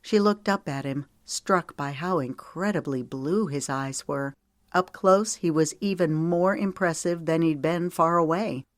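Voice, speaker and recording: A woman narrating an audiobook in measured, steady storytelling. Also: low voice, no echo, clean studio sound. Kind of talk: scripted narration.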